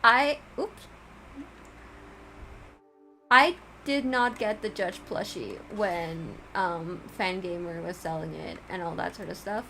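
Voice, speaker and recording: A woman streamer giving casual let's-play commentary, gushing, excitable and giddy. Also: fairly low pitch, a little slow, few pauses, a little hiss or hum.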